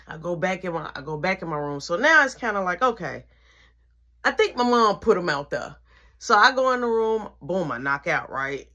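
A woman's voice: lowish voice, normal speed. Slangy teen woman telling a storytime. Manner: slangy, animated retelling with whispered asides. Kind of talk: casual storytime.

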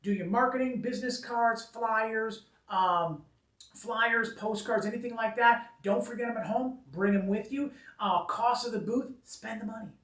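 A man's voice: high-pitched, a little slow, a bit bright, distant mic. Emphatic man, roomy and off mic. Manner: emphatic, repeats points for stress. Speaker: wedding photographer giving business tips. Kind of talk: casual advice talk to camera.

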